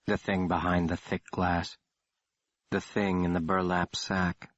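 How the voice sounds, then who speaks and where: A man reading a horror audiobook in a measured, dramatic way. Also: sits low, steady tone, a bit bright, no room sound. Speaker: audiobook narrator. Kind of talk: scripted narration. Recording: dull, dry studio read.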